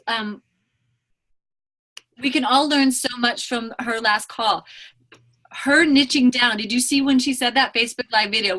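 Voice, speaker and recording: A woman business coach hosting a live training call, talking fast and emphatically with effusive enthusiasm. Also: fairly high pitch, pushed and bright.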